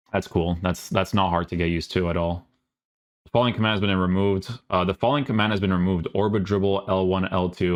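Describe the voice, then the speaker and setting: Male gamer host, deep voice, offhand sarcastic reactions while reading patch notes. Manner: casual, sarcastic asides, many fillers. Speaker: gaming YouTuber.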